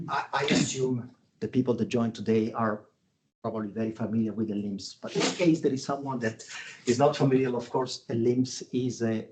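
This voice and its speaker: A man walks through a business slide presentation over a video call. He pauses often on filler sounds and corrects himself mid-sentence. His voice sits at a middle pitch for a man. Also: darkish tone, slight background noise, low-quality recording. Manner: halting, with frequent filler sounds and self-corrections. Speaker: guest presenter at an industry webinar.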